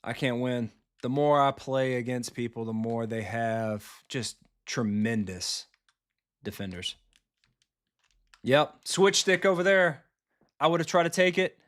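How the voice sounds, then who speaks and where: A man's voice: mid-range voice, expressive, a bit bright. Casual man commenting live on a football game. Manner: casual, blunt and profane, quick reactions to the game. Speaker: video game streamer and football coach. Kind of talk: live gameplay commentary, chatting with viewers.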